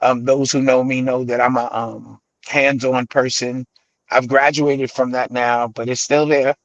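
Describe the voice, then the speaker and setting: A middle-aged man from the Bronx with a New York accent, a guest on a radio show, telling his stories with animated energy and acting out the voices he quotes. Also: medium pitch, a little slow, dry recording, lo-fi sound. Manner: animated storyteller who acts out quoted voices. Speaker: guest, hip-hop artist. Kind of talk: radio interview storytelling.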